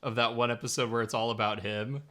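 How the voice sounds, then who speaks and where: A man's voice: mid-range voice, fairly even intonation, fast talker, a bit bright. A man co-hosting a podcast in casual chat, jokey and enthusiastic, often restarting his sentences. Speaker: podcast co-host.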